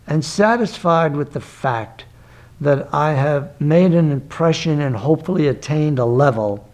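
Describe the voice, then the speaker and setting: An older man, a martial arts grandmaster, talking emphatically and digressively in an interview, with breathy gasps between phrases. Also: a little high, dark tone. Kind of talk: reflective interview talk.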